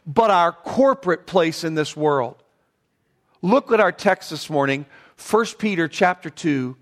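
High-voiced man preaching a sermon. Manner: earnest preaching, slows and softens in prayer. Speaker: pastor. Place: church sanctuary.

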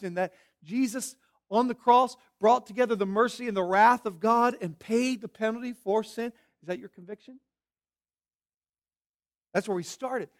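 A preacher with a very high voice delivers a sermon. He works through his points one by one and hits key words hard. Between those stresses he drops to hushed, searching questions. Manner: emphatic, swinging from shouted stresses to hushed questions; teaching in numbered points. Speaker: pastor.

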